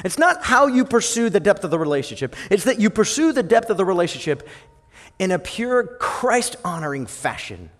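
A male pastor preaching a sermon in an animated way, swinging from loud and lively to soft and low. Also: moderate pace. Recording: long hall reverb.

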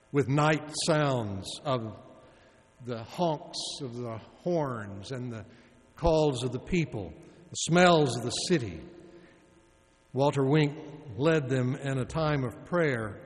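A male pastor preaching a sermon in a slow, measured way with long sighing pauses. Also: mid-range voice. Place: church sanctuary. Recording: long reverb of a large church.

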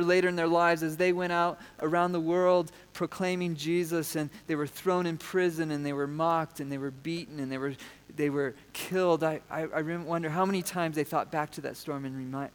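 Pastor guy preaching, a bit high voice, earnest, big church reverb. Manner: earnest, builds to emphatic points then drops soft. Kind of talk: sermon. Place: church sanctuary.

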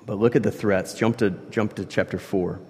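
A man preaching a sermon in a conversational way, shifting from quiet asides to loud, emphatic stretches. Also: lowish voice, steady tone, normal speed, slightly rough. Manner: conversational, swings between soft asides and loud emphatic bursts. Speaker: pastor. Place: church hall. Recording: long hall reverb.

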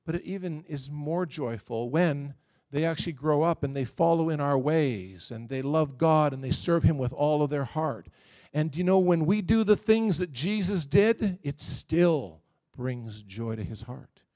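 A middle-aged man preaching a sermon, telling a story in a lively way and voicing the people in it. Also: fairly high pitch, measured pace. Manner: storytelling, animated, quotes others.

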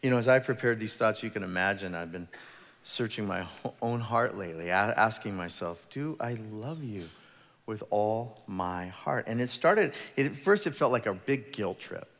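A man preaches a relaxed, conversational sermon, his voice sitting on the low side. He retells scripture as casual storytelling in everyday words. A long reverb trails after him, as in a large church hall. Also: fairly quick. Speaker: pastor.

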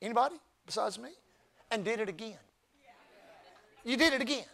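A man with a very high voice preaches to his church, moving between quiet talk and loud shouting. He calls out for the crowd to repeat words after him. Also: fairly quick, vocal fry. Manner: preaching, often rising to shouts with crowd call-and-response. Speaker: pastor. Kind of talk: sermon. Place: church service.

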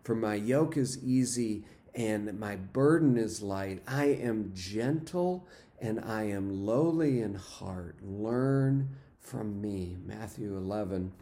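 A man preaching a sermon, unhurried, with fillers and repeated phrases. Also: fairly low pitch, dark tone. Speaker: pastor.

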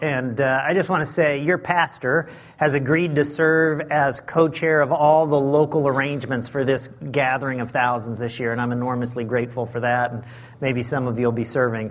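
A man with a high, light voice preaching as a guest pastor, chatty and self-deprecating, with many fillers. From Southern California. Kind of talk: sermon. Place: church sanctuary.

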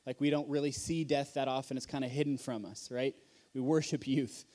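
A man's voice: medium pitch, fairly even intonation, brisk, a little mellow. A man giving a sermon at a conference in a hall, preaching earnestly in a conversational way and asking rhetorical questions. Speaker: conference speaker.

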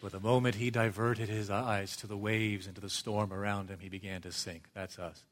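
A middle-aged man preaching a sermon in a church, measured and earnest, rising for emphasis and dropping low for quiet asides. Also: flat delivery.

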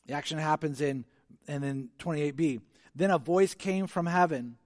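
Animated male preacher, higher voice. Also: moderate pace, dry recording, clean studio sound. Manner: animated, conversational preaching with frequent restarts. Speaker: pastor. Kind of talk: sermon.

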